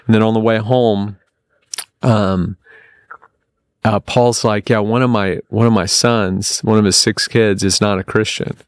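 Man, low voice, smooth, dry close sound, casual rambling storytelling. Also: unhurried, dry recording. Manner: rambling, animated retelling with repeated words. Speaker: guest storyteller.

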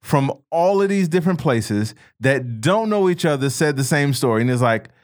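A man's voice: medium pitch, animated, moderate pace. A young man co-hosting a comedy podcast, talking in a loose, profane way and slipping into mocking impressions. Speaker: podcast co-host. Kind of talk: casual comedic chat.

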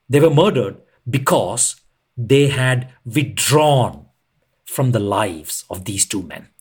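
A man who leads retreats, speaking as a podcast guest in an earnest, reflective way and pausing to stress his points. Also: medium pitch, slightly rough. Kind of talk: reflective conversational explanation.

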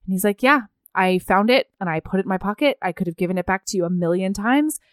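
Woman, chatty book recap, smooth clear voice, dry close sound, acts out lines. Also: medium pitch, no room sound. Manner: animated, acts out characters' lines in quick voices. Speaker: podcast co-host recapping a novel. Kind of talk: casual book-recap chat.

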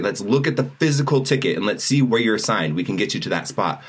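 A man with a lowish voice co-hosts a podcast, talking fast with few pauses over a faint hiss or hum. In casual chat he tells an animated story, acting out the lines of the people in it.

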